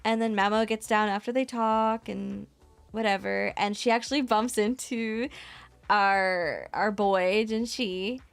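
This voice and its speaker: A woman co-hosting a casual podcast, recapping an anime episode in a rambling, excitable way and laughing often. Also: mid-range voice, measured pace, gravelly, clean tone, soft background music. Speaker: podcast co-host.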